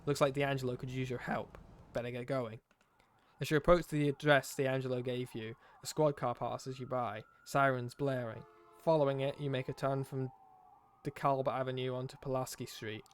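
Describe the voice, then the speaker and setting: A man's voice: mid-range voice, moderate pace, slight background noise. Man reading a game story aloud. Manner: expressive narration with wry asides. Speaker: streamer.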